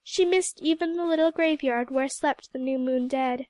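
A woman narrating a novel in a gentle, even storybook reading. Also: high-pitched, normal speed, no room sound. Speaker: audiobook reader. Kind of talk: scripted narration.

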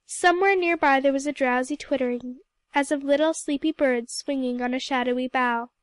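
High-voiced woman reading a novel aloud. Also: fairly quick, dry recording. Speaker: audiobook reader. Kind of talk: scripted narration.

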